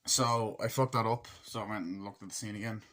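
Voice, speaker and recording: A man with a fairly low voice talks through a film review in a loose, rambling way. He swears freely and keeps slipping into bits of acted-out dialogue. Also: fairly even intonation, a little fast, sharp tone. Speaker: movie reviewer. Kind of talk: casual rambling movie review.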